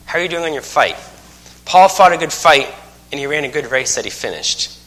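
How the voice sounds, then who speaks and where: A man's voice: on the high side, animated, fairly quick, fairly bright tone. A man in his thirties preaching a sermon, telling folksy stories with self-mocking humor. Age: 30s. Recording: long hall reverb.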